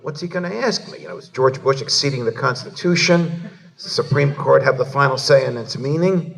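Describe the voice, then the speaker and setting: A man from New Jersey stands before a banquet audience, spinning funny anecdotes toward their punchlines. His voice sits in an ordinary middle register and is caught from a little way off the microphone, so the hall around him softens it. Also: mid-range voice, fairly quick, gravelly, far from the mic. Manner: humorous, building up anecdotes to a punchline. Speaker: keynote speaker. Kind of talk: storytelling speech at a banquet.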